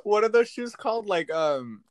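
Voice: mid-range voice, very animated, moderate pace, no echo. A young co-host chatting casually on a podcast, laughing often and getting flustered. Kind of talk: casual chat.

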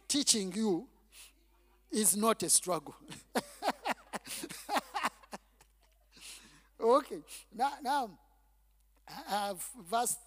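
A male pastor preaching a sermon in a call-and-response style, with halting restarts and repeated words, then surging loud on key phrases. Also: sits high.

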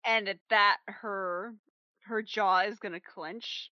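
A woman playing in a tabletop game, animated as she describes her character's actions. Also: medium pitch, slow pace, no room sound. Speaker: player. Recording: muffled lo-fi audio.

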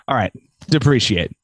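A man's voice: mid-range voice, breathy edge, dry recording. A man co-hosts a casual podcast in a mid-range voice, recorded dry and close. He talks bluntly and argues with his co-host, teasing him and dropping swear words along the way. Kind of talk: casual chat.

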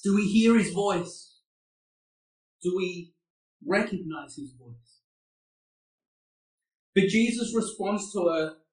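High-voiced preacher in an echoey hall. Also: male voice, slow, pauses often, a little mellow. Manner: earnest, with rhetorical questions. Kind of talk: sermon. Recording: echoey room, far from the mic.

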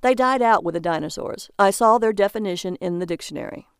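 A woman's voice: mid-range voice, expressive, a little fast, clean tone, no room sound, studio quality, lightly acted. A woman voicing a dim, eager husband who collects junk, earnest and defensive.

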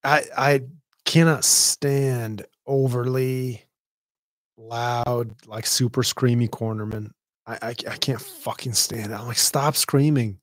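A man hosting a podcast in casual, profane chat about fighting, animated and mocking as he retells stories. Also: mid-range voice, slow pace, no echo, studio quality. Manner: profane, animated, mocks others' shouting. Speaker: podcast host; former fighter.

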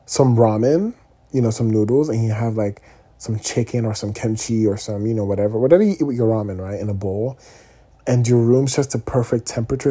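Husky-voiced young man chatting candidly. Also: mid-range voice. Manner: chatty, candid, animated with frequent "okay?" asides. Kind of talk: casual vlog monologue.

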